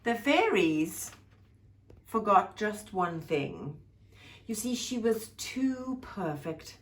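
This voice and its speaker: A woman at a childcare centre reading a funny picture book aloud to children, expressive and playful. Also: medium pitch, very slow. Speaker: childcare storyteller.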